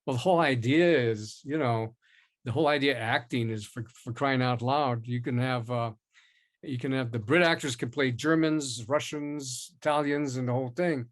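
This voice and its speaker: An older man talks through his career in a relaxed interview, at an ordinary middle pitch. He rambles and backtracks, breaking into quoted dialogue as he goes. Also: normal speed. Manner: rambling, animated, with many restarts and acted-out quotes. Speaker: actor, interview guest. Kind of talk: casual interview storytelling.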